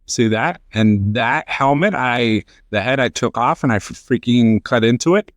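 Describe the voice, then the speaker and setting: An excited man on a podcast, his voice swooping up and down as he makes his points with emphasis. The sound is dry and close to the mic. He sometimes drops a Spanish word into his talk. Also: medium pitch, moderate pace, no echo. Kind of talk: casual chat.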